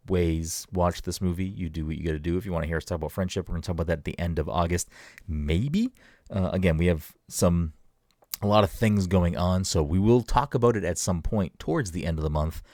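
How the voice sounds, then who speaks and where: A laid-back man co-hosting a podcast, with a very low voice. He rambles through chat and swears casually. The sound is dry and close on the mic. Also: a little mellow, no echo. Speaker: podcast co-host.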